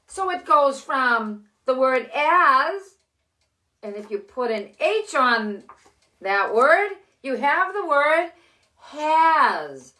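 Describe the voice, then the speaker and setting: Slow, cheerful older woman teaching kids. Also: high voice, big pitch swings, bright, forceful tone. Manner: slow, cheerful and encouraging, often laughing. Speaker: children's story host. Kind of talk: phonics lesson and read-aloud for children. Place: living room.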